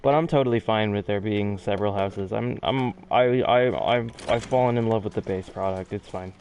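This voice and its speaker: A man's voice: on the low side, moderate pace, darkish tone, a little hiss or hum. A man giving chatty, self-deprecating commentary during a game speedrun, often restarting his sentences. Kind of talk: casual gameplay commentary.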